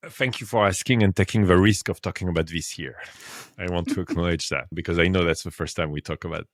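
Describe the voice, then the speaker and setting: A French-accented man in his fifties, a podcast guest telling a story in an animated way. His voice rises and drops sharply as he laughs and gets excited. The sound is dry and close, with no room around it. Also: low voice, fast, dry recording. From France. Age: 50s. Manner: animated, laughs often, swings between loud and quiet. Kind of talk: casual storytelling.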